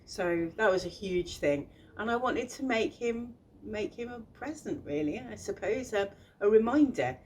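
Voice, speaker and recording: A woman's voice: mid-range voice, animated, unhurried, hardly any pauses, a little mellow, slight background noise. An older woman with a thick Bristolian accent, talking casually about her picture book, chatty and self-deprecating with frequent ums and restarts. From England. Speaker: children's book illustrator.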